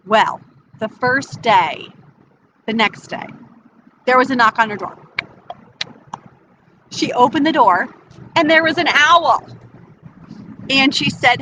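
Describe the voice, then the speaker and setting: Woman nature educator telling a kids story, high bright voice, faint background noise. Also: a little slow, pauses often, poor audio. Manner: animated, expressive storyteller. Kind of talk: storytelling for children.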